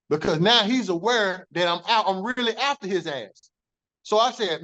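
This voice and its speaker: A man's voice: high-pitched, lively intonation, normal speed, pushed and bright. Man telling his story, profane and emphatic. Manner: profane, emphatic, acts out quoted dialogue. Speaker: former corrections officer telling his story. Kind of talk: animated storytelling in an interview.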